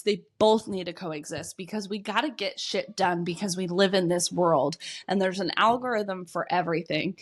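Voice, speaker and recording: Woman podcaster and business coach, blunt and energetic, casual swearing, a cold's cough in the throat. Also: mid-range voice. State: getting over a cold, coughing. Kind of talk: solo podcast monologue.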